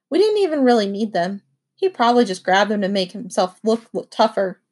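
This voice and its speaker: A woman reading a children's novel aloud with expressive first-person narration. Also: medium pitch. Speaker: audiobook reader.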